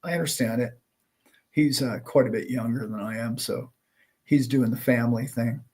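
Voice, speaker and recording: A man's voice: mid-range voice, steady tone, moderate pace, darkish tone, husky. A man hosting a livestream, chatting casually and greeting viewers, rambling and friendly with lots of filler words. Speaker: livestream host.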